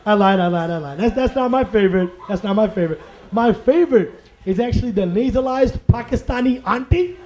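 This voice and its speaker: A man's voice: sits high, expressive, brisk, darkish tone, poor audio. A man from Chicago performing a playful stand-up comedy routine, laughing at his own jokes and mimicking voices. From Chicago, USA. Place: live comedy stage.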